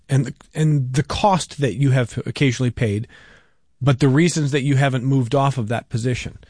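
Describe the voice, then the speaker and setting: A man's voice: medium pitch, a little mellow, no echo. Dry-sounding man hosting radio. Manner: conversational, reads out listener emails. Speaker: radio talk show host. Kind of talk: radio call-in interview.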